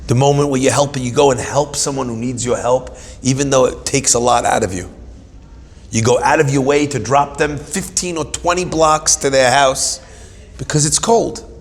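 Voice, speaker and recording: A man giving an animated Torah class, telling stories with humorous asides and dramatic emphasis. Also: medium pitch, moderate pace, long reverb tail. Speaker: Torah teacher.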